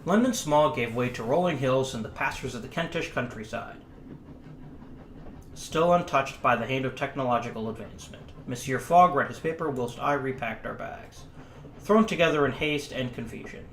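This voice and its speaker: A man's voice: mid-range voice, moderate pace, lightly acted. A man voicing an earnest young French male valet with a put-on French accent, reading the narration aloud. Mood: reflective. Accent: attempted French accent. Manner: reads first-person narration aloud. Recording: echoey room, faint hiss.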